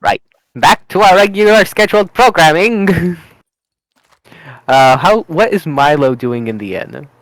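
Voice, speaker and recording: A man with a lively, somewhat high voice speaks slowly, with big swings in pitch. He plays his character at a tabletop game in a playful, theatrical way. The recording is dry and close. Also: dry recording, rough recording. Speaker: tabletop player. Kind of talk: casual in-character tabletop play.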